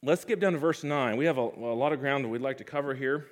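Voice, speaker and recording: A man preaching a sermon, leading his congregation in call-and-response with emphatic repetition, swinging between loud, raised passages and hushed, low ones. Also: fast talker. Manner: sweeping pitch and loudness swings between loud highs and hushed lows.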